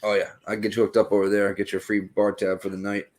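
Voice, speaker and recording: Rambling Boston man, lowish voice. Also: monotone, fast talker, darkish tone. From Boston area. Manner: rambling, swears freely, many restarts. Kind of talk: casual podcast chat.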